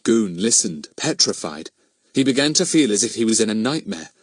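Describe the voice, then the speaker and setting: A man reads a children's mystery audiobook aloud in an animated storytelling style. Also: lowish voice, moderate pace, no room sound. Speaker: audiobook narrator. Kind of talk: scripted narration.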